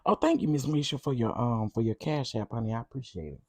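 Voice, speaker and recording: A man hosting a live stream of reality TV gossip, talking in a sassy, expressive way straight to his viewers. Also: medium pitch, fast, no echo.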